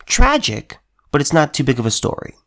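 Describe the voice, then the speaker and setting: A man's voice: on the high side, huge pitch swings, a little fast, fairly bright tone. A man delivering an emphatic, heated commentary monologue, repeating and restarting his phrases as he talks. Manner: repetitive, stumbling restarts, heated. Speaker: political commentator.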